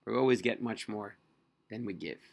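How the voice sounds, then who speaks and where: A man telling a first-person story in scripted narration, earnest and expressive. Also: on the low side, fairly quick, creaky.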